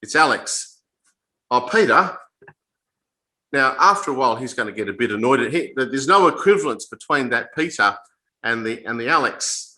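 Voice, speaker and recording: Here a Bible teacher speaks informally to a small group in a pushed, bright, mid-range male voice with lively intonation, over poor audio. He keeps it plain and conversational but halts often, repeating and restarting phrases mid-sentence.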